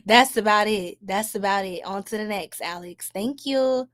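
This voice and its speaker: A woman's voice: mid-range voice, normal speed, few pauses, fairly bright tone. A young woman from New York with a New York accent, chatting casually and animatedly with her livestream audience in slangy, laugh-filled talk. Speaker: tarot reader livestream host.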